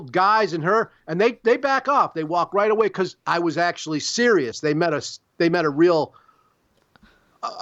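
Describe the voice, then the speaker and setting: A middle-aged man from Chicago talks in a loose, profane ramble, filling his sentences with "like" and "you know". His voice sits high for a man. The recording is dry and a little dull. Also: fairly bright tone, no room sound. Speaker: podcast guest, publisher. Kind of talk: casual interview storytelling.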